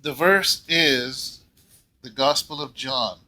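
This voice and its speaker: A man pastoring a church, telling a story in a casual, rambling way and often clearing his throat. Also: medium pitch, takes it slowly, sharp tone, poor audio. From California. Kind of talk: casual Bible talk.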